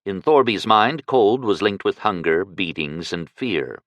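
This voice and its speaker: Expressive male audiobook narrator. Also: low voice, no echo, highs cut off. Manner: measured, expressive storytelling. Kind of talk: scripted narration.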